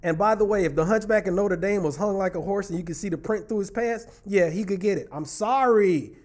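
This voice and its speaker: A man's voice: sits high, a little fast, darkish tone. A man hosting a relationship talk show, chatting casually and playfully teasing his viewers as he reads their comments. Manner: playful, teasing, talks straight to the audience. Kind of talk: casual livestream chat reading viewer comments.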